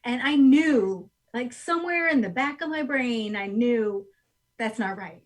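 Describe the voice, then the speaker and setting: Animated woman in her forties. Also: a little high, unhurried. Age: 40s. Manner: animated storyteller who acts out her past self in quotes. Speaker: guest, goat sanctuary owner. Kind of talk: casual podcast interview. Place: rural home.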